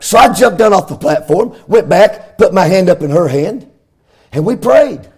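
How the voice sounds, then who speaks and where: A middle-aged pastor, preaching a fervent sermon in a sing-song cadence that swells into shouts. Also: male voice, high-pitched, expressive, moderate pace, breathy edge.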